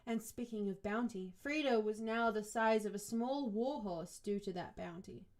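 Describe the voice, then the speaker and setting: A woman's voice: medium pitch, darkish tone. A young woman reading a novel aloud with sarcastic, swearing comic commentary. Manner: sarcastic, quick asides, swears. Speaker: podcast co-host and reader.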